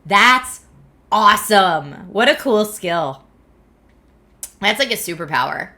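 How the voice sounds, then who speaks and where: A woman's voice: medium pitch, lively intonation, takes it slowly, sharp tone. A woman, chatting casually with her viewers on a stream and laughing often. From Philadelphia area, USA. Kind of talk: casual chat reading viewer comments. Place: home streaming setup in California.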